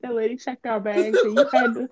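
A woman co-hosting a casual chat, telling animated, swearing stories with friends. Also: on the high side, brisk, heavy background noise. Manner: animated storytelling, swears freely. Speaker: podcast co-host. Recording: dull lo-fi sound.

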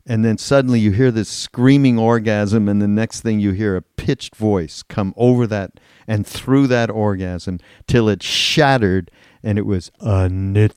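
A man's voice: fairly low pitch, measured pace, hardly any pauses, darkish tone, clean tone, dry recording, studio quality. A man co-hosting a podcast, telling loose, rambling anecdotes in casual chat, laughing and swearing as he goes. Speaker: podcast co-host.

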